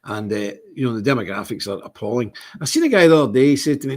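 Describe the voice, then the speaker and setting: Scottish livestream host with a husky voice, rambling and given to indignant outbursts. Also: male voice, mid-range voice, very animated, fast, few pauses. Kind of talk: casual livestream monologue.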